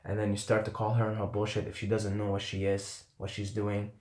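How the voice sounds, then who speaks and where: A man's voice: on the low side, monotone, brisk, darkish tone, reverberant. A man giving casual dating advice to camera, rambling, swearing freely and repeating himself.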